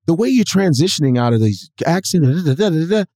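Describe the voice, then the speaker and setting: Man doing a shrill demanding casting lady. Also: big pitch swings, fast, mellow, no echo, clean studio sound. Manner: abrupt, demanding. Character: brisk blonde woman casting agent.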